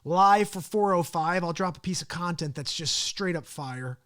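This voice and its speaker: A man with a somewhat high voice hosts a casual live stream. He rambles from one thought to the next, chatty and relaxed, and chuckles often. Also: moderate pace. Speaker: host of a daily live talk show.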